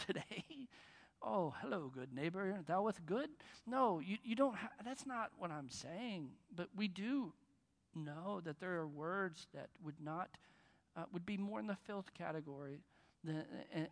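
A male pastor preaches in a sanctuary with a long reverb tail. His delivery is chatty and playful, and it jumps into loud, emphatic bursts on key points. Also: sits high. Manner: conversational, joking, with bursts of emphasis. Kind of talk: sermon. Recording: long reverb of a large hall.

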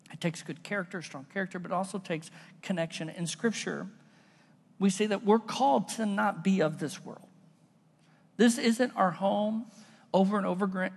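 Here a man preaches as a pastor, speaking casually and folding anecdotes into the sermon. His voice is high-pitched, creaky, and husky, and a big hall's lingering reverb surrounds it.

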